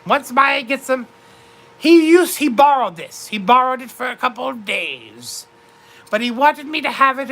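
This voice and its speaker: A gushing, boozy duchess, as a woman puts her on, with a put-on British accent and a high, sparkling voice. She speaks slowly and grandly and calls everyone darling as she reads the chat of a comedic livestream. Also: bright, forceful tone, exaggerated voice. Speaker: livestream host in character.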